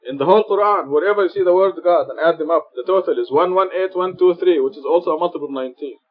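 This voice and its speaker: A man's voice: sits high, racing. A man preaching in a mosque, earnest and explanatory, repeating his points for emphasis. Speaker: preacher teaching Quran study. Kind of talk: sermon. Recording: dull lo-fi recording.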